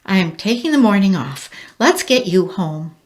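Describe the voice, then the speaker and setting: A woman voicing a calm, caring young man who speaks gently and slowly. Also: mid-range voice, lightly acted. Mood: reassuring.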